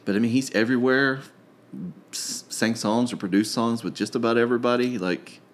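A man guesting on a casual podcast, chatty and animated, telling stories with a lot of "like". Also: mid-range voice, a little fast. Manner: chatty, animated storyteller, says "like" often.

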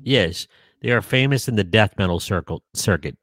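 A man co-hosting a podcast in casual chat, joking dryly and pausing often with ums. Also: fairly low pitch, expressive, a bit bright, dry recording. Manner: dry joking, hesitant with many ums. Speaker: podcast co-host.

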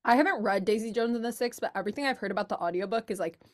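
A woman's voice: on the high side, racing. A young woman, a university student, co-hosting a book club podcast and chatting casually with friends, full of "like" fillers as she thinks aloud. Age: young adult. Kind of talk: casual chat.

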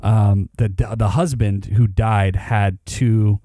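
Man, low voice, mellow, dry close sound, casual podcast chat, rambling with fillers. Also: fairly even intonation, takes it slowly, no room sound. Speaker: podcast co-host. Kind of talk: casual chat reviewing a TV show.

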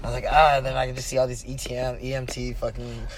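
A man's voice: medium pitch, completely flat delivery, racing. A young man in casual chat, telling a story with lots of laughter and acted-out quotes of other people. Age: young adult. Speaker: guest.

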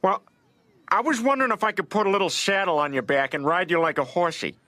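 A man voicing a dopey middle-aged cartoon dad, who is childlike and eager and makes halting, stammering requests in an animated sitcom. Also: high voice. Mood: sheepish, hopeful.

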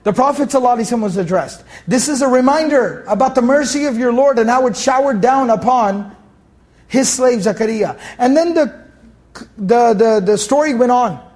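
A man's voice: very high-pitched, fairly quick, darkish tone. A man giving a casual, conversational Quran commentary class, mixing Arabic recitation with plain English explanation and acting out scripture dialogues. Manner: acts out scripture dialogue in shifting voices. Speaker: Quran teacher.

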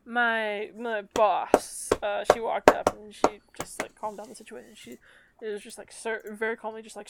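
Young woman co-host, slightly high pitch, rambling casual storyteller with lots of fillers and laughs. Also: little pitch movement, moderate pace, background noise. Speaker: podcast co-host.

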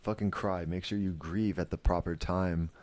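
A man's voice: sits low, fairly even intonation, normal speed, darkish tone. A man hosting a podcast, talking casually and earnestly, rambling with lots of fillers and restarts and getting emotional. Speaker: podcast host. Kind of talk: casual spoken commentary.

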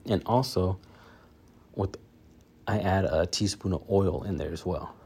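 Hosting his own podcast, a man chats casually and solo, often restarting and using lots of fillers. His voice is low, darkish, and slightly rough, at a measured pace.

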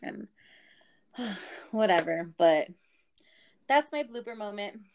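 A young woman casually telling a story, animated, swearing and laughing as she goes. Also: mid-range voice, slow, gravelly.

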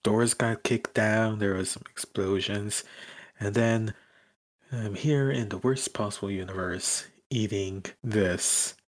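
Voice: mid-range voice, steady tone, slow. Brief: wry tabletop player, dry jokes, swears. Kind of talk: tabletop role-play.

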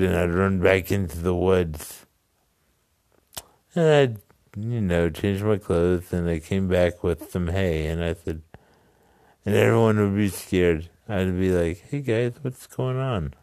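A man casually telling a story, halting now and then with restarts and asides. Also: deep voice, creaky, a little mellow, clear, resonant tone, dry recording, studio quality.

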